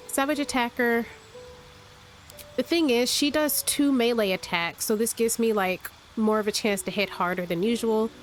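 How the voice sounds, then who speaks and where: A woman hosts casual gameplay commentary from her room at home, her voice stuffy and a little raspy from a cold. She thinks aloud and restarts her sentences as she rambles. Faint game music plays underneath. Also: medium pitch. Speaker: let's play host.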